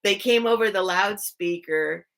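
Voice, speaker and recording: A woman's voice: medium pitch, unhurried, a bit bright. A woman hosting a live sale stream, casually telling a personal story to her chat, full of "like" fillers and greeting viewers by name.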